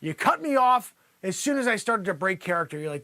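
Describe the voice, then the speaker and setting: A man's voice: sits high, very animated, brisk, pushed and bright, no room sound. A man hosting an improvised comedy news spot, rambling and teasing in a mock-anchor delivery. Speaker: comedy news show host.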